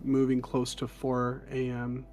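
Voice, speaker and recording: Guy running a d&d game, steady mid voice, some music under it. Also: mid-range voice, measured pace. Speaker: game master. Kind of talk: narrating a tabletop game.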